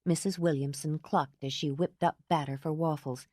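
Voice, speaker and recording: A woman narrating an audiobook in an expressive storytelling manner. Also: low voice, normal speed, hardly any pauses, no echo, studio quality. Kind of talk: scripted narration.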